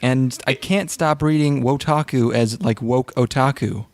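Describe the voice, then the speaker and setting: A man's voice: mid-range voice, dry recording. Chill guy rambling on a podcast, lots of uhs, mid voice, dead dry sound. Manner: laid-back and dry, drawn-out fillers. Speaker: podcast co-host. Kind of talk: casual chat reviewing shows.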